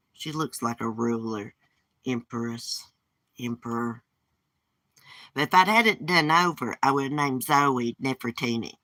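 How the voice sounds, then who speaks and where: A woman chats on a live stream from outdoors on her porch. She is gossipy, blunt and swears freely, and her voice is bright and forceful. The sound is dry, with little echo. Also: a bass voice. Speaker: livestream host. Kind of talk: casual live-stream chat.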